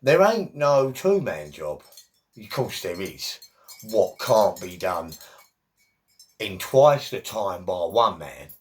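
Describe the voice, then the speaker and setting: A man's voice: low-pitched, big pitch swings, slow. A middle-aged man, talking in a chatty, rambling monologue full of jokey asides.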